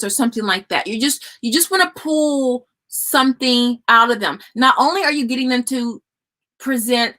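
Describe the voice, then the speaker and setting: A woman's voice: a little high, expressive, normal speed, bright, forceful tone. A woman hosting a casual live stream, giving homeschooling advice and talking to viewers as y'all. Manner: chatty, addresses viewers as y'all.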